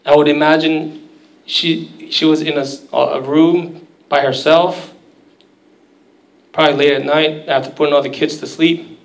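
A man's voice: a little high, little pitch movement, unhurried, long pauses, reverberant, far from the mic, rough recording. A man preaching a sermon in a conversational, storytelling way, acting out quoted voices. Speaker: pastor.

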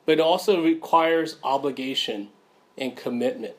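A man's voice: mid-range voice, normal speed. A man giving an informal sermon, with many fillers and frequent "right?" checks. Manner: casual, many fillers, asks "right?" often.

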